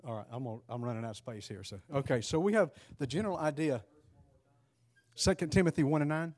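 A man's voice: on the high side, lively intonation, quick pace, a little mellow, dry recording. A man leading an interactive Bible study, speaking conversationally, asking the class questions and restarting phrases as he goes.

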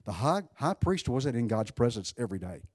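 A man preaching a sermon in an animated, conversational way, swinging between loud bursts and hushed asides while joking with his congregation. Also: mid-range voice, a little fast, breathy edge, no room sound, clean studio sound. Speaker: pastor.

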